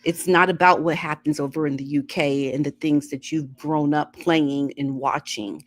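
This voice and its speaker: A woman with a very low voice co-hosts a casual talk. She mostly listens with short agreeing noises and adds her own points now and then. Her voice stays deep through the whole conversation. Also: steady tone, moderate pace. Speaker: co-host. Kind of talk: casual chat.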